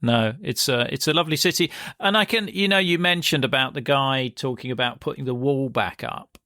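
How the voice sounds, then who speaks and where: A man's voice: medium pitch, fairly quick, bright, forceful tone, no room sound, clean studio sound. A male podcast host chatting reactively with his guest in an interview. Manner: reactive, conversational. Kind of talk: interview chat.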